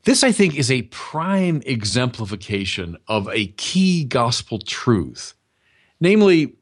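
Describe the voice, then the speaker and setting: Man, preacher, sermon, lively pitch, emphatic. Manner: animated, emphatic, speeds up and slows down.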